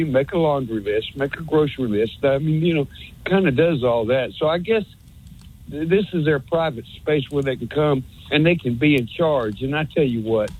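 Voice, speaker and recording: A man's voice: fairly high pitch, slightly rough, phone-quality sound. A man calling in to a sports talk show, rambling in a folksy, sarcastic way and stumbling over repeated words. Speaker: caller. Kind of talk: rambling call-in rant.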